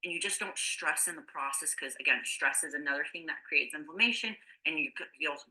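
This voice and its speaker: A woman nutrition coach talks through her advice in a loose, conversational way, full of fillers and quick restarts. Her tone is very bright and sharp. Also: deep voice, rough recording. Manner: explanatory, with many fillers and restarts. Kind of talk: casual podcast chat.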